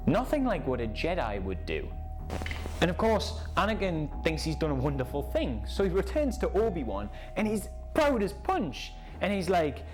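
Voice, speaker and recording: A man narrating a story in a casual, animated way and acting out the scenes. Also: on the high side, normal speed, faint music behind. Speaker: YouTube creator.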